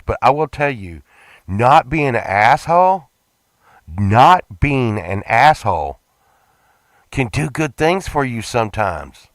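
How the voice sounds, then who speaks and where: A man's voice: lowish voice, dry recording. A man talking in a casual, rambling vlog, stumbling over his words and repeating himself. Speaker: vlogger.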